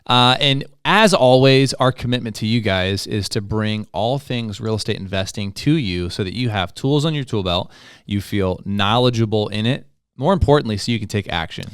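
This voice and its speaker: A man co-hosting a real estate podcast, joking and energetic as he introduces a guest. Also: on the low side, normal speed, clean tone, no room sound, clean studio sound. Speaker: podcast co-host.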